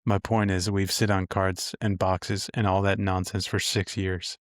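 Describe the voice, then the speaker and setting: Man co-host, lowish voice, dry close mic, wry and defensive in a casual podcast chat. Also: flat delivery, unhurried, no room sound.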